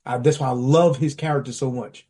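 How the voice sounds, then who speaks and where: A man co-hosting a casual podcast discussion, talking in an animated, slangy, emphatic way. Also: fairly quick, husky. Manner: animated, acts out quotes with big pitch jumps. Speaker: podcast co-host.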